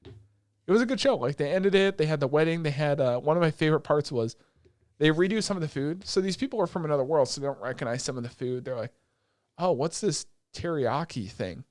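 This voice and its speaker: A man's voice: fairly high pitch, lively intonation, quick pace, a little mellow, no echo, studio quality. A man co-hosting a podcast, casually retelling an anime plot with acted quotes and swearing. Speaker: podcast co-host. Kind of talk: casual chat.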